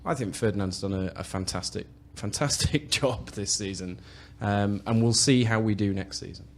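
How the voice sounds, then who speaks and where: A man giving his views as a panelist on a football podcast, measured and opinionated, often restarting his phrases. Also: on the low side, slight background noise. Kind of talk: casual football podcast discussion.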